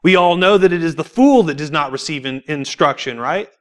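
Man preaching, sermon, slightly raised pitch, lively storytelling, rhetorical questions, church. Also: brisk. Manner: laughs between points.

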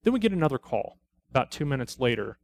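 A middle-aged male police officer gives a personal testimony as a lay speaker at a church study, plainly recounting his calls. He quotes the people he met and ends on blunt, preachy conclusions, his ordinary middle-pitched voice quick and sing-song.

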